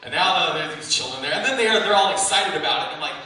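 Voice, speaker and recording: A young man doing a stand-up set in a small comedy venue, self-mocking, profane and excitable. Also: high-pitched, quick pace. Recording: echoey room, distant mic, faint noise.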